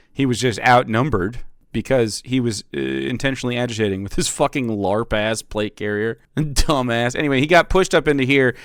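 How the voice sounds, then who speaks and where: Male live streamer, mid pitch, dry close sound, sarcastic and profane. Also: smooth, no room sound. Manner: profane, sarcastic, laughing often. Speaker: streamer and political commentator. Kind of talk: live reaction commentary.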